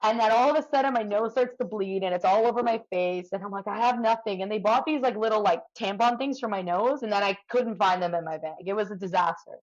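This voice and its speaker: A Canadian woman, a firefighter and ultra runner appearing as a podcast guest, tells a long, vivid story in conversation, chatting animatedly and peppering it with "like." Her mid-range, slightly mellow voice moves quickly with hardly any pauses, and the recording sounds muffled.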